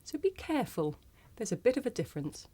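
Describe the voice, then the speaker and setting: A woman teaching English pronunciation, saying single words slowly and carefully for learners to repeat. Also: a little high, big pitch swings, mellow, slightly rough. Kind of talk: slow scripted pronunciation lesson.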